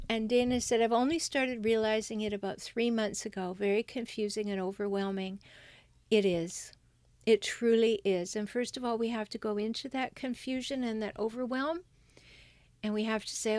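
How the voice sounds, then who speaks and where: A woman's voice: a little high, normal speed, darkish tone, no room sound. A middle-aged woman hosting a livestream with relationship advice, speaking emphatically and reading viewer comments aloud.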